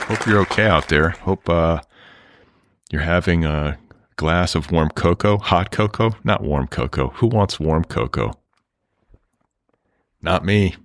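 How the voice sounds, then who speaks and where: A man's voice: low voice, no echo, studio quality. A middle-aged man hosting a podcast, talking in a rambling, wry monologue with profane asides. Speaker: podcast host. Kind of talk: casual monologue.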